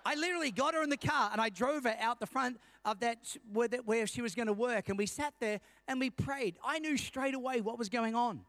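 A man's voice: very high-pitched, brisk, few pauses, fairly bright tone, no room sound. A middle-aged man preaching a sermon as senior pastor, telling stories and calling for amens from the congregation.

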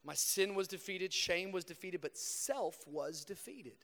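A young man preaching a sermon to a live congregation, slipping between fast casual storytelling and slow, emphatic preaching. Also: high voice, animated, a bit bright. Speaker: pastor. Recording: long reverb of a large hall.

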